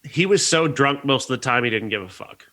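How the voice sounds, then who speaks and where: Bright-voiced man reviewing films on a podcast. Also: mid-range voice, animated, brisk. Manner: earnest, rambling, frequent restarts and laughs. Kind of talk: casual review chat.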